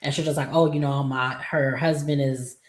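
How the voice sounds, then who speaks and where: A woman's voice: extremely low pitch, steady tone, moderate pace, echoey room. A woman giving a casual, chatty recap of a soap opera episode, with exasperated asides to the characters.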